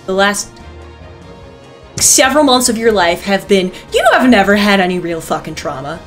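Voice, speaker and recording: A woman game master narrating a tabletop game with intensity, swearing freely and dropping low for solemn moments. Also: expressive, normal speed, a bit bright, faint music behind.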